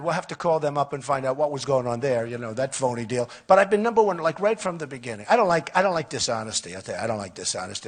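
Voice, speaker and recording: An older man speaks at a campaign rally through a podium microphone. His voice is husky and sits high for a man, and he rambles, circling back over his points again and again. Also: fairly bright tone. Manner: rambling, repetitive, conversational boasting. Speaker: political candidate. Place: outdoor or hall rally.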